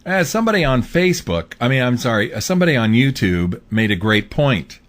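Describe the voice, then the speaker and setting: A man's voice: medium pitch, sing-song, brisk, a bit bright. A man hosting his own show, talking through a political commentary monologue in a casual, rambling way with fillers. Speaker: host.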